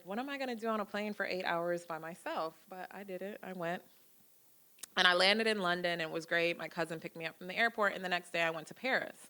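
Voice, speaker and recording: Woman, 30s, lecture guest; bright, low-pitched voice, lively storytelling with quoted dialogue. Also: clear, resonant tone. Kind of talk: public lecture with personal stories. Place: lecture hall.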